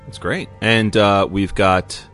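A man's voice: lowish voice, fairly even intonation, slow, fairly bright tone, clean tone, faint music behind. A man hosting a casual gaming podcast, with playful radio-style intros. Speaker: podcast host.

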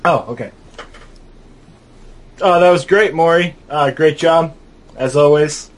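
A man's voice: on the high side, takes it slowly. A man co-hosting a comedic podcast, dry and mock-grumpy in his banter. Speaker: podcast co-host.

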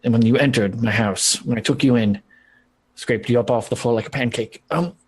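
A man voicing a nervous, overly polite townsman who talks in halting, hesitant bursts full of ums. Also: mid-range voice, slightly rough, close to an everyday voice, poor audio.

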